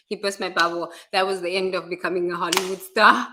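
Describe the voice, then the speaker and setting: A woman from Africa, telling stories in a frank, lively chat, laughing often and swearing casually. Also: fairly low pitch, moderate pace. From South Africa. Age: adult. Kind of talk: candid storytelling chat.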